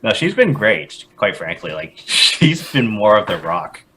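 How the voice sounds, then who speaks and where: A man's voice: on the low side, sing-song, measured pace, heavy background noise. A man talking candidly as a new father on a casual podcast, self-deprecating and chuckling.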